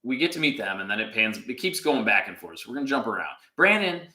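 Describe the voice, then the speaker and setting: A man casually recapping a TV episode for a podcast, rambling through his notes. His voice is bright and his pitch swings widely. The room sounds echoey. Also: sing-song, quick pace. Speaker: podcast co-host.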